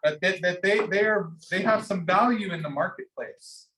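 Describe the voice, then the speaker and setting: A man teaching an entrepreneurship class, coaching students in an energetic way and often restarting his phrases. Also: high-pitched, normal speed, distant mic. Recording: echoey room, speaker off-mic, faint noise.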